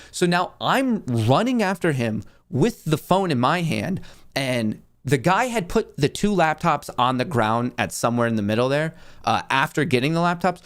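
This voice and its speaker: A young man, host of his own show, telling a story in a casual, animated way and acting out the people in it. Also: a little high.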